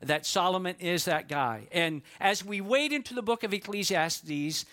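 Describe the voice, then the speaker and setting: Male pastor, bright and slightly high voice, folksy conversational sermon delivery. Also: animated, moderate pace. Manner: folksy storytelling, conversational asides. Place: church.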